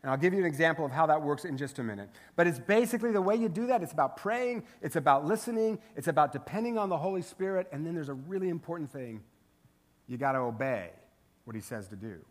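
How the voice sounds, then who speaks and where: A man's voice: on the high side, animated, quick pace. A man preaching as a pastor in a casual, humorous style with conversational asides. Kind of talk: sermon.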